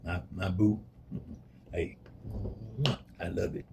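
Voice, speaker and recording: A man with a slightly low voice chimes in quietly beside his wife as he tastes her cooking, mostly murmuring agreement. His low-key kitchen chat carries a faint hiss on the recording. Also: flat delivery, slow pace, vocal fry. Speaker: host's husband and taste tester. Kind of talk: casual chat. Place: home kitchen.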